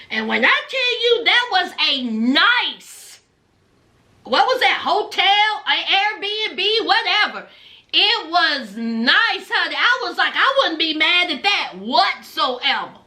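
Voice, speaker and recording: A woman's voice: very high-pitched, sharp tone. A woman giving a sassy, chatty, casual commentary recap, often laughing at her own jokes. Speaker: reality show recapper.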